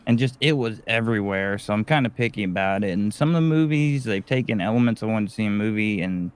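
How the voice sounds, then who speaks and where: Low smooth-voiced podcast co-host. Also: male voice, animated, quick pace. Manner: rambling, enthusiastic, swears casually. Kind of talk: casual chat.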